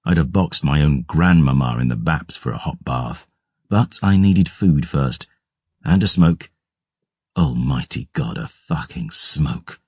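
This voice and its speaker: A man giving gruff, measured first-person audiobook narration. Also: rumbling low, a little mellow, dry recording, studio quality.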